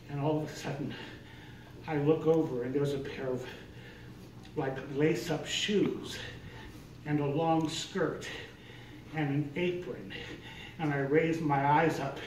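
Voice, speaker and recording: Older male storyteller, lively and self-mocking, noisy distant live recording. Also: a little high. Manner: animated, self-mocking, acts out voices. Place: live event venue on stage. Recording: echoey room, distant, noisy.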